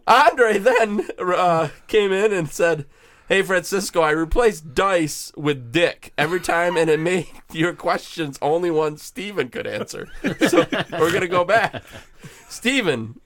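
A man's voice: sits high, animated, a little slow, a bit bright, no echo. A man on a casual podcast reading out teasing questions and laughing through them. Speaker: podcast panelist.

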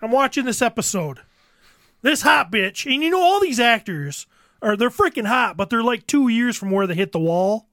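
Brief: foul-mouthed exasperated comic storyteller, mid-pitched voice, dead-dry mic. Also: animated, normal speed, a bit bright, dry recording. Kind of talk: profane comedic rant.

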